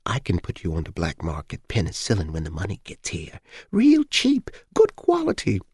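A woman's voice: a bass voice, huge pitch swings, moderate pace, a little mellow, slightly rough, no echo, clean studio sound, heavily acted. A man voicing a sly, nosy old woman neighbor who wheedles in a whisper and mutters spitefully. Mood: wheedling.

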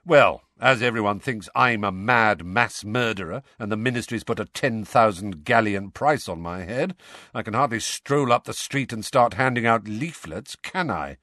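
A man's voice: lowish voice, moderate pace, sharp tone, no room sound, studio quality. A man doing a bitter, restless outlaw. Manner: bitter, sardonic.

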